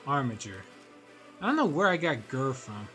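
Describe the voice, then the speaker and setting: A man's voice: a little high, huge pitch swings, fairly quick, fairly bright tone. Brief: male game streamer, easygoing commentary, faint background music. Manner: casual, thinking aloud while playing.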